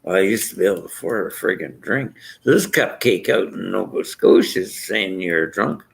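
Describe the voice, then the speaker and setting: Gravelly older Irish man ranting. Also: low-pitched, animated, moderate pace, slight background noise. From Ireland. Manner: rambling, abrasive, jokey. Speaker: vlogger. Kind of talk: rambling rant to camera.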